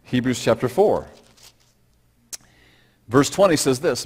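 A middle-aged male pastor preaching a sermon, talking plainly and then swelling into loud, drawn-out emphasis on scripture verses. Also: on the low side, expressive. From Pacific Northwest of the United States.

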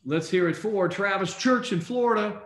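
A man hosting a casual online call, reading out names in an upbeat, brisk way. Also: sits high, fairly bright tone, echoey room. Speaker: host.

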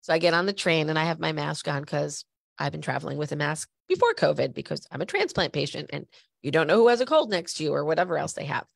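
This podcast host has a low-sitting voice with vocal fry, lively intonation, and a fast pace, recorded with no room sound. A bit stuffy from a cold, she's a chatty storyteller who addresses listeners directly in conversational podcast talk.

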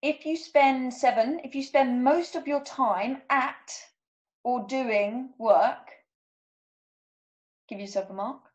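A woman's voice: high-pitched, slow, pauses often, rough recording. A woman coach giving a workshop talk, reading out numbered statements and checking in with her listeners. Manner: checks in with frequent "okay?".

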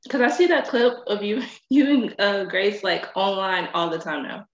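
A woman's voice: medium pitch, lively intonation, moderate pace, reverberant, dull audio. A woman interviewing an actress, asking friendly questions and backing her up with listening sounds. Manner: encouraging, lots of listening sounds. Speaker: entertainment interviewer. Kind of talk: casual interview.

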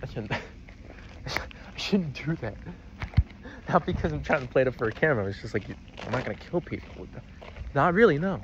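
A man's voice: mid-range voice, very animated, normal speed, long pauses. A young man vlogging as he walks outdoors, rambling in a casual way and often stifling his laughter. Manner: meandering, giggly, stifles laughs. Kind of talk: rambling casual vlog while walking. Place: outdoors, walking. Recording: dull lo-fi with outdoor noise.

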